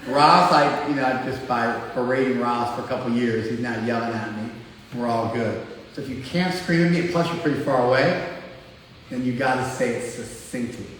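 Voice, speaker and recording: A man's voice: mid-range voice, fairly even intonation, normal speed, fairly bright tone, slight background noise. A man with an American accent giving a casual, teasing spiritual lecture to a live class. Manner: joking, teasing, conversational with frequent "like". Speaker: spiritual teacher. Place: class room in front of a group. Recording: echoey hall, mic far off.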